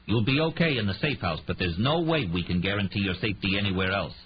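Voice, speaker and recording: A man doing a gruff grumbling police lieutenant. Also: on the low side, fast, muffled recording, slight background noise, close to an everyday voice. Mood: stern. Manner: grumbling, stern.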